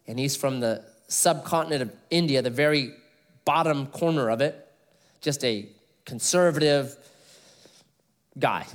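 A middle-aged man preaching an expository sermon, telling stories with animated delivery and laughing at his own jokes. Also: mid-range voice. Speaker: pastor.

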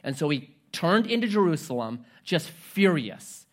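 A man preaching a sermon, telling a story in a conversational, animated way with humorous asides. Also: on the high side, unhurried. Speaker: pastor.

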